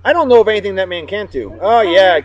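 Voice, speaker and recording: A man hosts a casual vlog, upbeat and joking as he gives shout-outs to friends. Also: high-pitched, lively intonation, fast. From Massachusetts. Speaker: vlog host. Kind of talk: casual chat. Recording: dull, dry sound.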